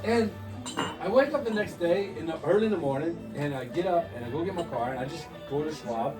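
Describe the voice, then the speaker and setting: A man in his forties telling crude stories to friends over drinks, animated and laughing through them. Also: on the high side, brisk, echoey room. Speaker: storyteller. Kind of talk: casual storytelling among friends. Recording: distant mic with music behind. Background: music playing.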